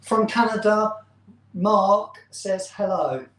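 A channel host chats his way through a casual live stream, rambling and often poking fun at himself. His voice is high-pitched, slow and a bit bright, and the recording has a roomy echo.

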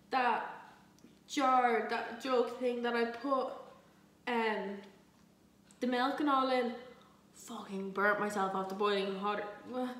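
A young woman with a soft Dublin lilt chats away while she cooks, rambling and teasing herself, with the odd swear word. Her voice sits a little high. She sounds a few steps back from the camera, and the kitchen gives it a noticeable echo. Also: distant mic. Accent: Dublin Irish, light. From Ireland, Dublin. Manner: chatty, rambling, self-mocking, swears freely. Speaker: vlogger. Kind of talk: casual chatty vlog while cooking. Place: home kitchen, indoors. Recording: echoey kitchen, voice a little off-mic.

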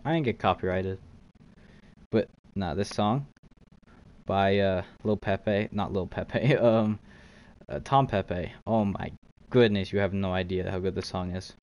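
Young dude streaming games, kinda low voice, slow easy chat, laughs a lot. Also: male voice, a little mellow, lo-fi sound. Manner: laid-back, chatty, laughs and swears casually. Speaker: game streamer. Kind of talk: casual live-stream chat while trading.

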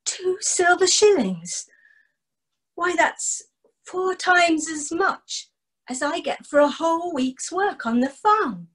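A woman's voice: fairly high pitch, measured pace, slightly rough, full character voice. A woman voicing an eager young farmhand. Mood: amazed. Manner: excited, wide-eyed questioning.

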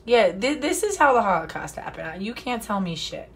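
A woman's voice: mid-range voice, very animated, normal speed. A woman reading a news story aloud and breaking off into sarcastic, profane, indignant asides. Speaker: commentary vlogger.

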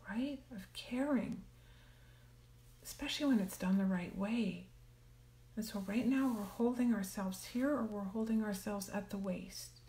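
Female meditation teacher, gentle, half-whispered delivery, warm tone, echoey room. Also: mid-range voice. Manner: soft, gentle, often drops to a whisper. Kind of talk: guided meditation on a live stream.

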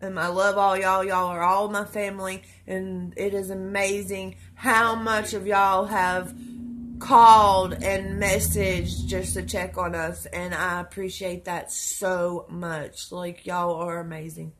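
A young woman, talking to her viewers in a casual vlog, soft-spoken and affectionate, her speech trailing off. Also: medium pitch, level tone, slow, a little hiss or hum. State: tearful. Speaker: vlogger.

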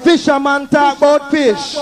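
A man's voice: very high voice, level tone, unhurried. A man with a Jamaican accent MCing a live sound clash, taunting the rival sound in a brash, boastful manner. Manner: brash, taunting, shouting over the music. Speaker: sound system selector. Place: packed dance venue. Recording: live dance with loud music and crowd.

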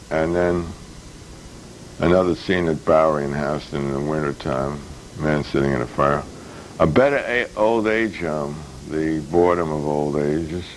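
Older New man, public access host, deep low voice, dry rambling humor, slight hiss. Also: low-quality recording. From United States. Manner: wry, deadpan jokes with many fillers and restarts. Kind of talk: casual rambling commentary.

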